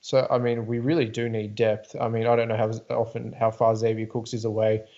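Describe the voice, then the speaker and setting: A man co-hosting a casual sports podcast, laying out his thinking in a measured, analytical way. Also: on the low side, flat delivery, darkish tone. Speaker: podcast co-host. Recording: slightly dull lo-fi sound.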